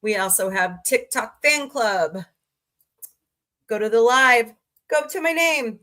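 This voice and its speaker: A woman hosting a casual livestream, greeting viewers by name and listing her channels, tired and low on energy today. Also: a little slow, bright, forceful tone. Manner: chatty, greets viewers by name, rattles off lists. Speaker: livestream host.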